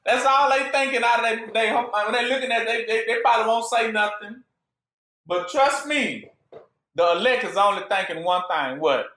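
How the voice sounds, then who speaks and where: A man's voice: high voice, normal speed, sharp tone, echoey room. A man teaching scripture in an informal sermon, asking his listeners to fill in words and joking as he goes. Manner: call-and-response questions, joking, laughing. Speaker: bible teacher.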